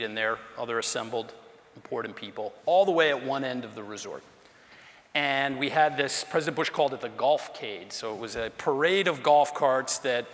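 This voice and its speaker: A man at a lectern tells an anecdote from his years as a presidential aide, acting out the dialogue with animated swings in his delivery. His voice sits in a middle register. A long reverb from the lecture hall trails each phrase. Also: mid-range voice. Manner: animated storyteller, acts out quoted dialogue.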